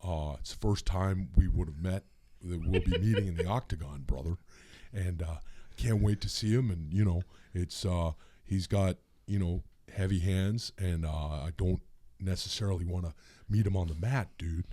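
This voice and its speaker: A man doing a boastful male pro wrestler who drawls low and tags lines with "brother" and "dude," sometimes mumbled and sometimes shouted. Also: normal speed, dry recording. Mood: calm, mumbled.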